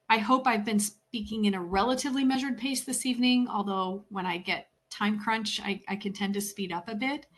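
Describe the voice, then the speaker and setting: A woman communication coach presenting to a meeting, speaking in a measured, deliberate way and walking through her points one by one with clear emphasis and pauses. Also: mid-range voice, a bit bright. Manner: instructive, lists points one by one. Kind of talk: professional talk to a meeting.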